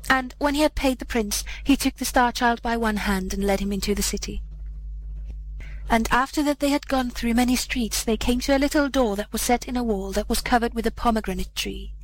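A woman reads an old fairy tale aloud, measured and solemn. Her voice sits a little high, and a faint hiss runs under the recording. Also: poor audio. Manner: measured, solemn archaic narration. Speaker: narrator. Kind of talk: storybook reading aloud.

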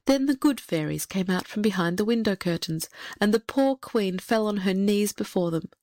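Lady reading a fairy tale aloud, steady and expressive, dry close sound. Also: mid-range voice, moderate pace, no echo. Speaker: narrator. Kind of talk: storybook narration.

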